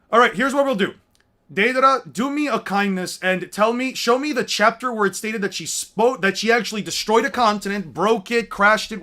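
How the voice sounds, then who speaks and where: A man's voice: sits high, sharp tone. A young man ranting in exasperated, profane, mocking commentary as a YouTuber.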